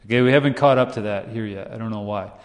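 Long hall reverb surrounds a fast-talking pastor whose voice sits fairly low. He preaches casually, often tossing in "right?" and performing the people in his anecdotes.

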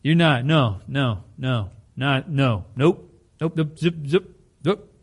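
A man's voice: medium pitch, expressive, slow pace, breathy edge. A man acting out a proud male apostle who insistently refuses, with indignant repeated denials, as a preacher. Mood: protesting.

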